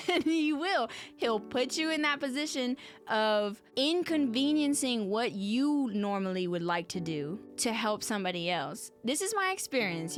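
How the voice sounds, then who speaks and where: Earnest woman podcaster talking to listeners. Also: a little high. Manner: earnest and conversational, often addressing listeners directly. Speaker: podcast host. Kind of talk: reflective solo podcast talk.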